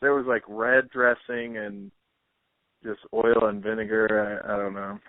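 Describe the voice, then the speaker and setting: A podcast host with a fairly low, flat voice talks at a measured pace in an easygoing interview chat full of fillers. The recording is dry and sounds tinny, like a phone line.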